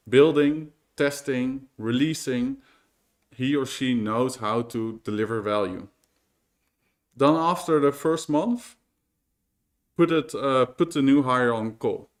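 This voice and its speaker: A man presenting at a tech meetup, his voice sitting at an ordinary middle pitch. He explains his points plainly, pausing and restarting often as he goes. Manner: explanatory, frequent fillers and restarts. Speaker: conference speaker. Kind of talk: conference talk.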